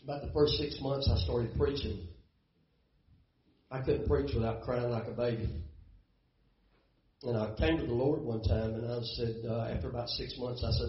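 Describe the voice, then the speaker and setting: A man's voice: mid-range voice, fairly even intonation, normal speed, pauses often. A middle-aged man preaching a sermon as pastor, folksy and emotional, often repeating words, close to tears. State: tearful. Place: church sanctuary. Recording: roomy, dull church sound.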